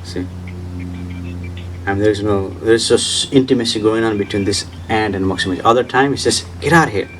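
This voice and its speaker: A man giving an informal spiritual talk and answering questions, repeating his points insistently in slightly broken English and laughing softly. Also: on the low side, steady tone, normal speed, recorded from a distance, slight background noise, rough recording. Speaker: spiritual teacher.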